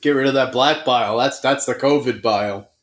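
A man riffing playfully in a loose comedy chat, wandering through his thoughts with frequent restarts. His voice sits at an ordinary middle pitch. The room adds a clear echo. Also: a little fast, a bit bright. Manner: rambling, playful, hesitant restarts. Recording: echoey room.

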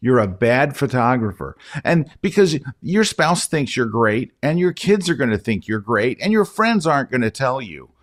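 A man's voice: medium pitch, sing-song, moderate pace, hardly any pauses. A man who is a guest photography educator, telling an anecdote in a casual interview and often addressing the host by name.

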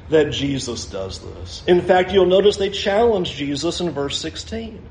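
A male pastor preaching a sermon, animated, acting out the quotes he reads with shifting voices. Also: on the high side, a little slow, reverberant, a little hiss or hum.

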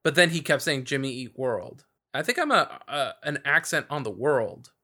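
Very animated, this man co-hosts a podcast with a bright, forceful, medium-pitched voice at normal speed. His casual chat meanders, crowded with fillers and restarted phrases.

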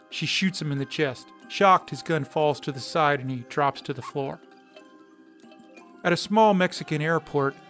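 A man hosting a podcast, narrating a story in a steady, descriptive way. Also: a little high.

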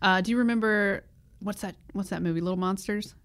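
A woman's voice: medium pitch, fairly even intonation, brisk, clear, resonant tone. A woman co-hosting a casual podcast, chatting and recapping a movie with frequent laughter and playful asides. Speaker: podcast co-host.

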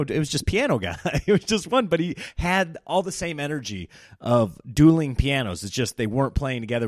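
A male comedian and podcast host telling a story in a casual, animated and sarcastic monologue. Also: medium pitch, no echo, clean studio sound.

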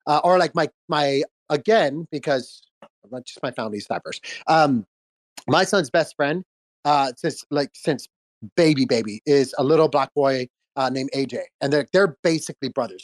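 A man's voice: on the high side, dry recording. Guy in his 30s hosting a chat show, rambles and restarts, laughs a lot, dry sound, bit sick. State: unwell with a cold. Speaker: host. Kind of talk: casual chat on a live audio space.

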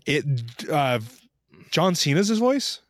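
A man's voice: on the high side, very animated, slow, dry recording, clean studio sound. A man in his thirties co-hosting a podcast in casual chat, rambling and chuckling with lots of fillers. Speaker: podcast co-host.

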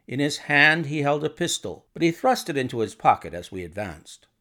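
A man's voice: fairly high pitch, big pitch swings, sharp tone. Man reading a classic story aloud. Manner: measured storytelling. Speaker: narrator. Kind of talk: scripted audiobook narration.

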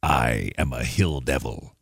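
A man's voice: a bass voice, a little slow, vocal fry, husky, dry recording, clean studio sound, pitched below the performer's own voice, heavily acted. A man voicing a sly, snarling hill devil. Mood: wheedling. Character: sly wheedling one-footed hill devil.

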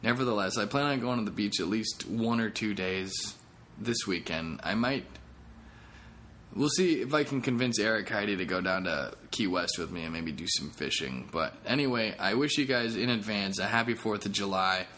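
A man's voice: lowish voice, moderate pace, a bit bright, slight background noise. A comedian hosting his own podcast, talking in a rambling, jokey, self-deprecating way. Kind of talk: casual podcast monologue.

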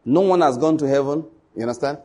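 Husky, emphatic preacher man. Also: on the high side, fast talker, warm tone. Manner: emphatic, repetitive, asks the congregation questions. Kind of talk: sermon.

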